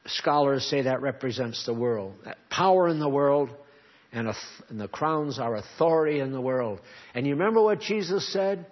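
Husky male preacher, earnest sermon, quizzes his flock, muffled lo-fi tape. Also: medium pitch. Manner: earnest preaching, rhetorical questions to the congregation. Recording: dull lo-fi recording.

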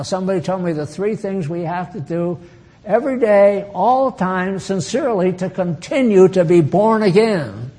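Slow, folksy older preacher. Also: male voice, sits high, dark tone. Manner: folksy, bantering with the congregation, chuckling asides. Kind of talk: sermon.

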